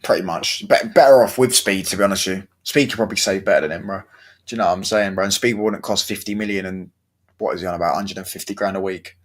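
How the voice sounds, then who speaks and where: A man's voice: sits low, quick pace. A young man chatting casually about football, full of slang and swearing, his throat sore. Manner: slangy, swearing, laid-back banter. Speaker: football vlogger.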